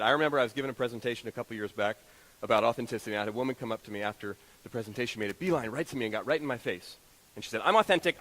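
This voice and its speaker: A man giving a motivational talk to an audience, telling stories in an animated, self-deprecating way. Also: medium pitch, in a large hall, poor audio. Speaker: motivational speaker. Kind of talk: storytelling keynote talk to an audience.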